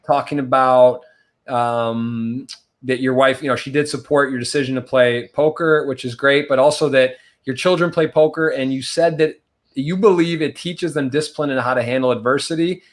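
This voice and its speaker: A man's voice: medium pitch, steady tone, normal speed. Chatty male podcast host. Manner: chatty, rambling questions with restarts. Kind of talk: casual interview.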